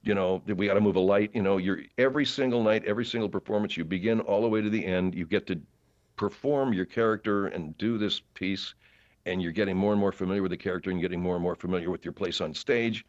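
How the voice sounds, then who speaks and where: A man with a fairly low voice tells rambling stories as a podcast guest. He jumps between asides and restarts himself often. The recording sounds dull and a little lo-fi. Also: quick pace. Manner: rambling, animated anecdotes with many fillers and restarts. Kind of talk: casual interview storytelling.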